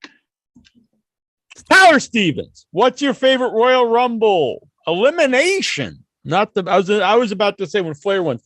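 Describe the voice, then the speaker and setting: A man's voice: high voice, sing-song, moderate pace, fairly bright tone, dry recording. A man co-hosting a wrestling podcast, reading listener questions and joking around with a laugh. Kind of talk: casual chat.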